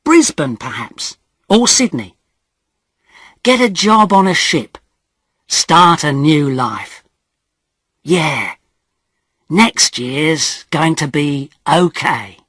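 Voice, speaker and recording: A hopeful man dreams aloud in a raised voice, drawing out each phrase very slowly, as a narrator voices him. His pitch climbs and dips, and his voice is husky. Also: sing-song, fairly bright tone, no echo, clean studio sound, full character voice.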